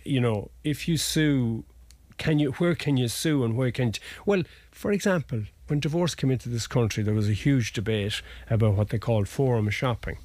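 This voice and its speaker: A man's voice: mid-range voice, normal speed, darkish tone, no echo. A man, a family law solicitor, explaining cases in a rambling, anecdotal way during a conversational interview.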